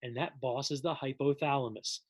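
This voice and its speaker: A man's voice: mid-range voice, steady tone, brisk. A man teaching a psychology lesson in a casual, jokey recorded lecture, addressing his viewers as folks.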